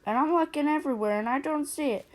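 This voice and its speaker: A woman telling a personal story in a casual storytime narration, animated and acting out the quotes. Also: sits high, quick pace.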